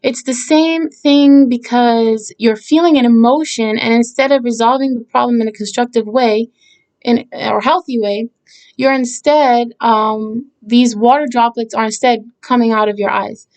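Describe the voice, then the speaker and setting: A woman's voice: on the high side, fairly even intonation, measured pace, darkish tone. A woman songwriter talking casually about her own song, hesitant and searching for words with many fillers and restarts, earnest and reflective. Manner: reflective and earnest, with short laughs.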